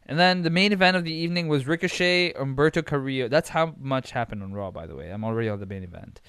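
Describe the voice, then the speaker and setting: A man's voice: mid-range voice, quick pace, a bit bright, clean tone, no echo, clean studio sound. A man hosting a casual recap podcast, ranting in exasperation with lots of swearing, rambling with sighs and restarts. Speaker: podcast host.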